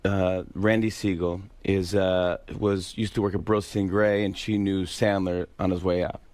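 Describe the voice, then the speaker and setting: A man who is a comedian guest, in casual chat, telling animated stories between quick laughs. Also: deep voice.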